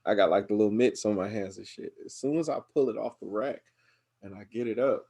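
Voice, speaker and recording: With a fairly low, fry-tinged voice and a fairly quick pace, this young Georgia man hosts a laid-back podcast. He tells stories in an animated way and slips into impressions of others, his mom among them.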